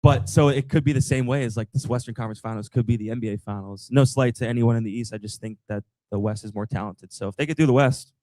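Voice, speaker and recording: A young man from the Boston area with no Boston accent, a team TV analyst telling stories and breaking down basketball as a guest on a live podcast, animated and quick with asides. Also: medium pitch, no room sound. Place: live show with audience.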